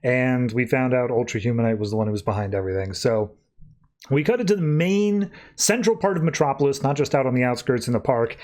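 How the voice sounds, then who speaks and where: A man's voice: mid-range voice, lively intonation, a little mellow. A man hosting a podcast, casually recapping comic issues in a loose, offhand way. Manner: recaps scenes loosely, tossing in quick offhand voices for characters. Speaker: podcast host.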